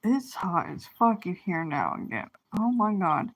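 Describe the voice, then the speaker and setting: Streaming live, a woman unloads a rambling, swear-filled tirade, often trailing off before restarting her thoughts. She has a mid-range, sing-song voice and keeps a measured pace.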